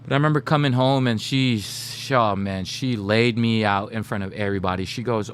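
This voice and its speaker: A man in his thirties streaming, telling funny stories to his chat in a casual, animated way. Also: lowish voice, normal speed, slight background noise. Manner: animated, laughing, slips into put-on voices for quoted people.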